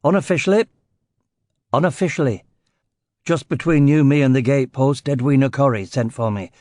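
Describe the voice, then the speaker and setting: A man's voice: medium pitch, moderate pace, a little mellow, no room sound, clean studio sound, natural voice. A man doing a snappish old DJ with a faint Yorkshire lilt. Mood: self-important. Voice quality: distinctive weird DJ voice. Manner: snappish, self-important. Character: aging male celebrity DJ, prickly and evasive.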